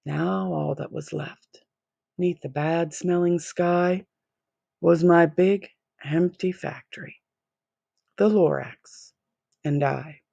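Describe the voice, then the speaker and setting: A woman reading a children's picture book aloud in an expressive, rhythmic way. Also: lowish voice, slow pace, creaky, long pauses, dry recording, muffled recording. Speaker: storybook reader.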